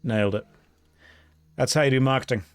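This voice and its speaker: A man live-streaming an online game, chatting casually with his viewers and joking in a deadpan way while reading their messages aloud. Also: medium pitch, brisk, smooth, no room sound, soft background music.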